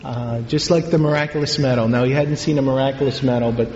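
A man, a priest, telling a story in a sermon, in an unhurried, halting way with pauses and fillers. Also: medium pitch, steady tone, darkish tone, a little hiss or hum. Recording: echoey hall, dull lo-fi sound.

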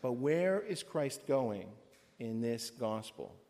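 A man's voice: medium pitch, very animated, warm tone. Solemn man reading in a reverberant church. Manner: solemn measured cadence. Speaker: priest. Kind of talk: liturgical reading and sermon.

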